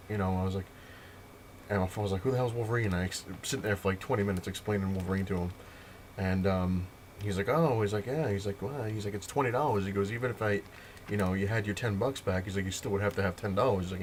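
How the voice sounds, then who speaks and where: A man's voice: low-pitched, fairly even intonation, quick pace, a little hiss or hum. A man, telling a rambling, filler-heavy story to camera in his own casual vlog. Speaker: comic collector vlogger.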